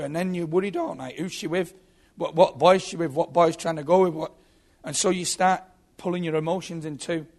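A man's voice: on the high side, darkish tone. A man telling his own story as a Christian testimony, earnest and often repeating his words. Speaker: former prisoner giving testimony.

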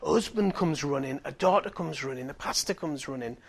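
A middle-aged man preaching, telling a healing story with animated swings from hushed tones to loud exclaiming. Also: medium pitch, fairly quick, slightly rough. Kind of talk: storytelling sermon.

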